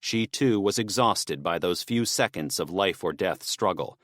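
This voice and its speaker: Low-voiced male audiobook narrator. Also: animated, measured pace, fairly bright tone, no room sound, studio quality. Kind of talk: scripted narration.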